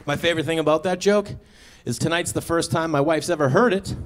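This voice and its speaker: Male stand-up comic, thirties, slightly high voice, lively storyteller, faint noise behind. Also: a little fast, crowd noise. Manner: animated storytelling with sudden high-pitched acted quotes. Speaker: stand-up comedian. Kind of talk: stand-up comedy set. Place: comedy stage before a live audience.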